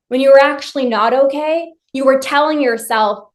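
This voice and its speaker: High-pitched woman coach doing a live online workshop, talks right to the viewers, repeats stuff for emphasis. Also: normal speed, hardly any pauses. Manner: emphatic, repetitive, addresses the viewers directly.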